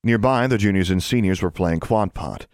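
A man reading a children's fantasy audiobook in steady, measured narration. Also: low voice, smooth, no echo, studio quality. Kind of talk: scripted narration.

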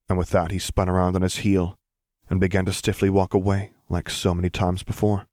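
A man narrating fan fiction in an even, measured reading. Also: sits low, dry recording, clean studio sound. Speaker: audiobook narrator.

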